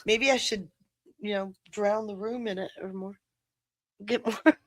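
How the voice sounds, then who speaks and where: A woman's voice: medium pitch, steady tone, measured pace, dry recording. A woman co-hosting a live stream, chatting casually in a rambling, self-deprecating way and laughing easily. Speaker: co-host of a live stream show. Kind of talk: casual chat.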